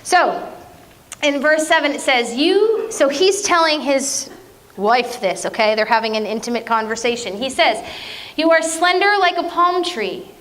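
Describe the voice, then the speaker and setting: A woman preaching a conversational sermon, playful and self-mocking, with lively jokes. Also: sits high, unhurried.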